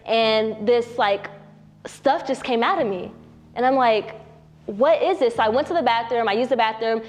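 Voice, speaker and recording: A young woman with a fairly high voice tells her own story in a relaxed, conversational way. She keeps dropping "you know what I'm saying" and slips into the voices of the people she quotes. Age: young adult. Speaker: young mother interviewed on camera. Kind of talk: personal storytelling.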